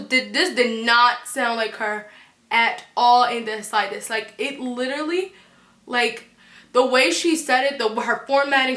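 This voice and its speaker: A teenage girl tells a storytime for her vlog in a lively, blunt way, swearing without a second thought. Her voice sits a little high and sounds bright and sharp. The room around her is echoey. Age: teens. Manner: animated and blunt, swears freely. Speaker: vlogger.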